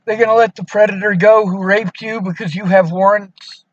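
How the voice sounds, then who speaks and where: Distressed high-voiced man on a call. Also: steady tone, normal speed, no echo, highs cut off. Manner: distressed, pleading and bitter. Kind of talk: emotional phone call.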